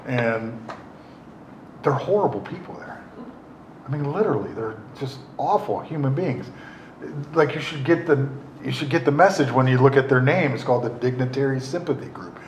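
Here a middle-aged man casually recounts his recovery, wandering and wry, stumbling over fillers and starting sentences again. He speaks in a mid-range voice at moderate speed, and the room echoes slightly over a faint hiss.

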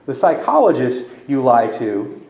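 A man's voice: mid-range voice, very animated, unhurried, vocal fry, a little mellow. Man from Louisiana, frank testimony talk, wry humor, roomy and slightly dull sound. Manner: candid, wry, laughs at his own story. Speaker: speaker sharing a recovery story. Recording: dull echoey room sound.

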